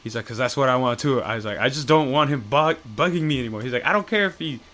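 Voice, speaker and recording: A man's voice: mid-range voice, animated, fast, pushed and bright. A man in casual chat, rambling and swearing as he retells comic storylines and acts out the characters' lines.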